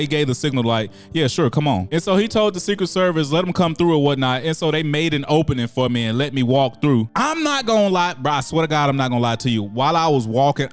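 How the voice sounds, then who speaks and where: A man speaking tells his story casually, cursing freely and jumping into quick impressions of the people in it. His voice sits a bit high for a man. Faint music runs under the talk. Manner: profane, animated, acts out quotes. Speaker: storyteller vlogger.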